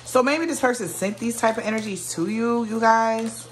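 A woman's voice: on the high side, moderate pace, a little hiss or hum. A woman giving a casual tarot reading to her viewers, musing aloud, often exclaiming and trailing off mid-sentence. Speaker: tarot reader.

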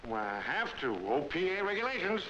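A man's voice: sits high, sing-song, fairly quick, fairly bright tone. A man playing a brash, wisecracking surgeon in an old slapstick film comedy. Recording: echoey, dull old film soundtrack with hiss.

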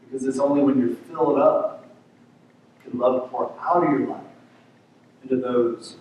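A man's voice: mid-range voice, steady tone, unhurried, a little mellow, slight background noise. A male pastor giving an earnest, conversational sermon, often repeating words as he goes. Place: church sanctuary. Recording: echoey church sanctuary, mic at a distance.

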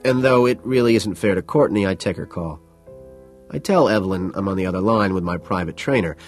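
A man's voice: low-pitched, a little fast, faint music behind. A man reading an audiobook in first person, in a cool, detached, matter-of-fact way. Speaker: audiobook narrator.

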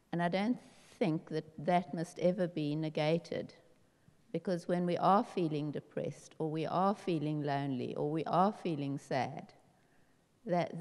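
A woman's voice: low voice, darkish tone. A woman taking part in a seminar discussion, thoughtful and hesitant, often restarting her phrases. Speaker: seminar participant. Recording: reverberant hall.

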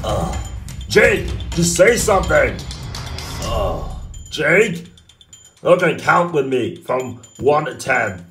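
A man's voice: medium pitch, sing-song, slow, long pauses, a bit bright, roomy sound, faint music behind. A man voicing a cartoon, talking in a whiny, exasperated way. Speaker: cartoon narrator and voice actor. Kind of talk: cartoon acting.

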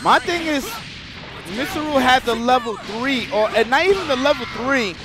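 A man's voice: extremely high pitch, lively intonation, moderate pace. Hyped slangy man calling fights, music behind. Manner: hype, slangy, swears, loud outbursts. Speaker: stream commentator. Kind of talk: excited casual fighting-game commentary.

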